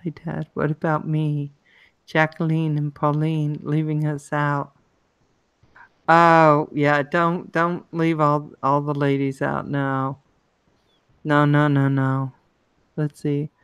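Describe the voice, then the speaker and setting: Maryland woman hosting a live chat, unhurried and chatty, smooth dry close voice. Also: low-pitched, monotone, no room sound. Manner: chatty, greets viewers by name, laughs often. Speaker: livestream host. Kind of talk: casual live chat reading comments.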